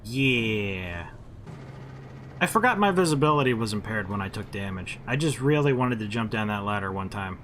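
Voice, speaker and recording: A man's voice: on the low side, expressive, moderate pace. A man giving jokey, rambling commentary while playing a video game. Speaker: gaming host. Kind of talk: casual let's-play commentary. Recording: game noise behind his mic.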